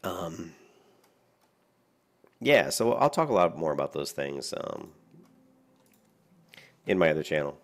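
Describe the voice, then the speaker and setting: A man's voice: low voice, very animated, takes it slowly, pauses often. A very tired man rambling through casual gameplay commentary, with lots of fillers and restarts. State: very tired, yawning.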